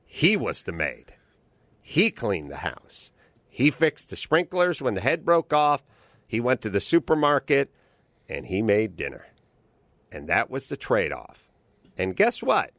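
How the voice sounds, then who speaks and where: A man's voice: fairly low pitch, no room sound. A man telling stories in a casual, profane comedic rant as a podcast host. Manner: profane, animated storytelling, swaps into voices for quotes.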